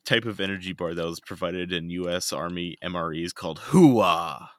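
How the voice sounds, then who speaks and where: Male co-host, very low yet bright voice, easygoing and sweary, dry close sound. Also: little pitch movement, a little fast, clean tone, no room sound. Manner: laid-back, sweary, laughs a lot. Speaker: podcast co-host. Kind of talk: casual chat.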